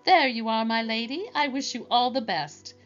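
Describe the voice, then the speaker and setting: A woman's voice: a little high, moderate pace, pitched above the performer's own voice, close to an everyday voice. A woman reading aloud, voicing a gracious, chatty queen bee in a storybook. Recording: dull lo-fi with faint music.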